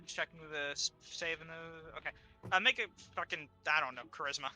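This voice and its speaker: A man's voice: fairly high pitch, a little fast, pushed and bright, soft background music. A man narrating as game master of a tabletop game, loose and laughing between scenes.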